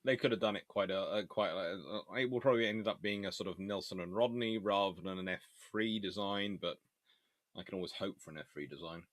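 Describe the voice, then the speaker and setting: A man with a lowish voice runs a relaxed live Q&A, reading out viewer questions and answering them in an easy, offhand way. He talks while eating between remarks. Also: brisk. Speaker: host and naval historian. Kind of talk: casual live Q&A chat.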